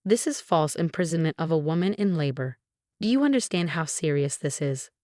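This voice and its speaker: A commanding man who gives sharp orders, as a woman narrator reads him. Heard in a low, dry storybook voice. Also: lively intonation, a little fast, dry recording. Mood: stern. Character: commanding young man taking charge.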